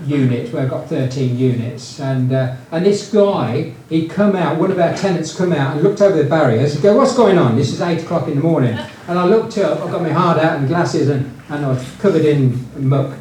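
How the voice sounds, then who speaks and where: A retired business founder with a slightly high, somewhat mellow voice talks at normal speed with few pauses. He casually rambles through business stories full of fillers and restarts, recorded distantly in a very echoey room with faint noise.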